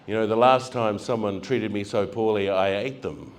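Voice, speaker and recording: A man's voice: lowish voice, fairly even intonation, normal speed, over a noisy crowd, very noisy. A heavyset man doing stand-up comedy, telling travel stories, acting out voices and laughing along.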